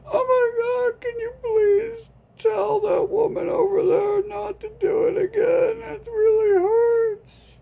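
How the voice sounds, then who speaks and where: A man's voice: very high voice, steady tone, slow pace, few pauses, warm tone, muffled recording, voice pushed up, exaggerated voice. Sex: man. Figure: shrieking victim. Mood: shrieking, sobbing. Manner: wailing, sobbing, pleading. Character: shrieking tortured man losing fingertips.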